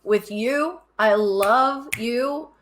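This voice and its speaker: Animated, candid woman co-host chatting. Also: a little high, drawn-out words, a little hiss or hum. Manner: candid, animated, laughs often, swears. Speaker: podcast co-host. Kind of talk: casual chat. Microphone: headset earbuds.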